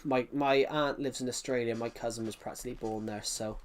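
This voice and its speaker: A man with a thick regional accent, chatting on a live game stream in a rambling, halting way with many restarts. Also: mid-range voice, steady tone. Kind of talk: live-stream chat while gaming.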